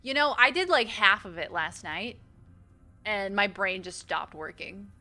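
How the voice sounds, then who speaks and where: Faint music sits behind a young woman from the Boston area as she streams a game, chatting to her audience in a Boston accent, talkative and joking at her own expense. She speaks at a measured pace in a medium-pitched, animated voice that sounds pushed and bright.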